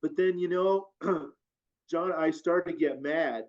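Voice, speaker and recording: Guy rambling thru a story in an interview, lots of "like", kinda high voice, muffled sound. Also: slow pace. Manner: rambling, filler-heavy, animated retelling. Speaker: guest. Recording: dull lo-fi audio.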